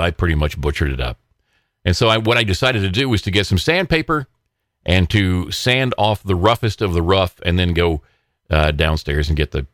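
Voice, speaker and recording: A man's voice: sits low, fairly bright tone, no echo, clean studio sound. A man hosting his own podcast, talking in a rambling, casual way with many fillers and restarts and frequent chuckles. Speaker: podcast host. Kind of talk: casual solo political podcast monologue.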